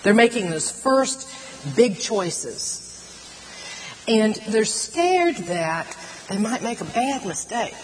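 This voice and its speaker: A middle-aged woman preaching a sermon, earnest and animated, stretching out words for emphasis. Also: on the high side, slow pace. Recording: long hall reverb, faint noise.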